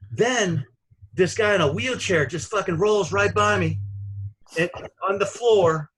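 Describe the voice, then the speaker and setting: A man's voice: high-pitched, measured pace, a bit bright, husky, poor audio. A man, a stand-up comedian, telling a story in casual, profane, rambling talk and laughing at his own jokes.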